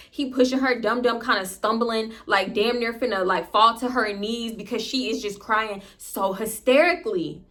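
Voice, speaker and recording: A woman in her twenties telling a dramatic storytime to her viewers, animated and loose with curse words. Her voice sits a little high and swings between loud disbelief and hushed asides. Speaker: vlogger. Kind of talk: storytime narration.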